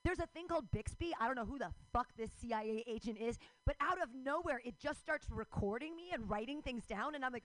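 A middle-aged woman performing a rambling stand-up comedy set, excitable and swearing freely. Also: a little high, a little fast, few pauses, no room sound, rough recording.

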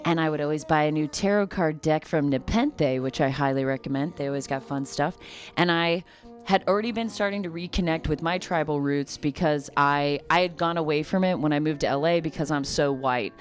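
A woman from California's Kern River Valley, a comedian guest talking in a rambling, animated way and often breaking into laughs. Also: deep voice, fairly quick, faint music behind. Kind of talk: casual podcast chat.

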